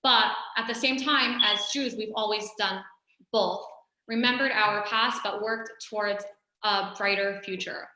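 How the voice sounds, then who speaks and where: With a medium-pitched, sharp-toned voice, fairly even intonation and an unhurried pace, a woman tells stories conversationally in a recorded Torah lesson, saying "you know" often. The room is echoey.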